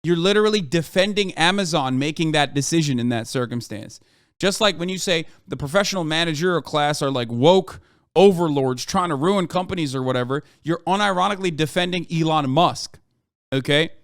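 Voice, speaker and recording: A man's voice: a little high, brisk, dry recording, clean studio sound. A man streaming a heated, profane and sarcastic rant reacting to the news. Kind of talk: ranting commentary.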